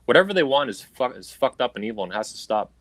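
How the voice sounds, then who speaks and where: This livestream host, a man with a mid-range, slightly bright voice, rants about politics over a video call at a fast, sing-song clip. He's angry, emphatic and profane, and there's no echo.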